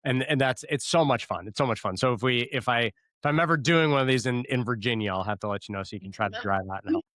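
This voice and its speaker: A man's voice: mid-range voice, fast, a bit bright, no room sound. A man from Ohio, a guest on an education podcast, explaining his ideas thoughtfully in casual interview chat. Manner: thoughtful, restarts and fillers while explaining.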